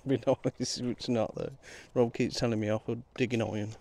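A man with a Midlands accent, out of breath, chatting excitedly to the camera outdoors while metal detecting in a field. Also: mid-range voice, normal speed, creaky. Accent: English Midlands. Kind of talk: casual outdoor commentary.

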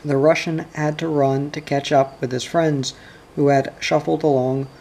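A man reads nonfiction aloud in a steady, measured way. His voice is mellow and warm, and his pitch barely moves from line to line. Quoted dialogue stays low-key inside the narration. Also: vocal fry, slight background noise, low-quality recording. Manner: even, measured reading with quiet quoted dialogue. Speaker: audiobook reader.

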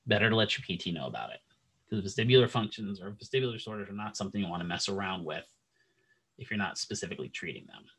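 A man's voice: fairly low pitch, animated, fast talker, a bit bright, breathy edge, low-quality recording. A man teaching a recorded lecture alone into a computer microphone, talking casually and checking in with "right?". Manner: casual, conversational, frequent "right?" check-ins. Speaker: instructor.

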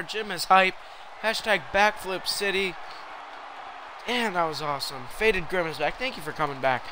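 A young man giving live commentary while he plays a wrestling video game, reacting loudly to every turn. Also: high-pitched, moderate pace, background noise. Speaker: game streamer.

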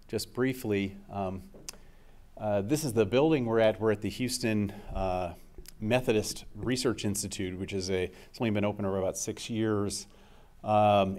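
A man's voice: on the low side, a little mellow. A middle-aged man giving a scientific seminar talk as the invited speaker, conversational and full of uh and um fillers.

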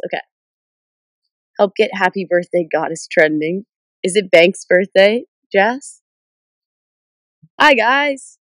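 A livestream host in her twenties is chatting excitedly from inside a car and reading out viewer comments. She is bubbly and stuffed up with a cold, and she jumps from one shoutout to the next in a mid-range voice. The clip is recorded on a phone camera with no echo.

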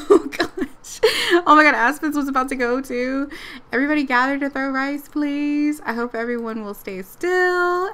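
A woman casually narrating her life-sim game play, excited and giggly. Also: high voice, normal speed. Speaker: let's play creator.

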